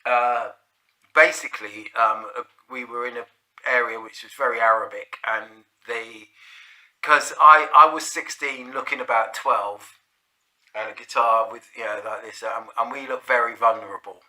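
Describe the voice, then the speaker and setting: Bright-voiced man spinning a yarn. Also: mid-range voice, steady tone, a little slow. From South London. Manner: rambling, sweary, full of restarts and "like, you know". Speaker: storyteller. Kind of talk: casual spoken storytelling.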